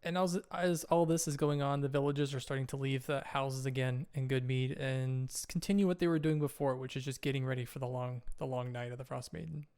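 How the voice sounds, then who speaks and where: Smooth-voiced man as game master. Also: mid-range voice, steady tone, brisk, few pauses, a little mellow. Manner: easygoing, descriptive. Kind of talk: narrating a tabletop game.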